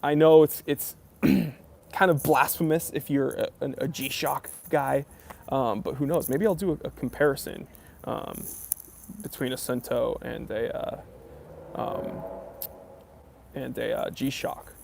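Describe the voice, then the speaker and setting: A man's voice: medium pitch, takes it slowly, vocal fry, long pauses, a little mellow, a little hiss or hum. A man hosting a casual live stream about watches, reading viewers' chat comments aloud and answering them in an easygoing, rambling way full of ums and uhs. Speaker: watch channel host.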